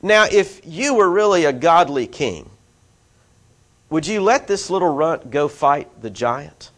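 A man's voice: a little high, expressive, a little slow, a bit bright. A man preaching through a Bible passage, reading verses and adding chatty asides to his listeners. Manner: conversational, asides to listeners, voices quoted figures. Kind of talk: expository Bible teaching.

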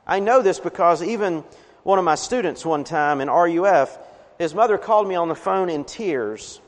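A man's voice: high-pitched, animated, moderate pace. A man preaching a sermon as a pastor, earnest, swelling with emphasis on key words. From Appalachian region of the US. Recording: reverberant hall.

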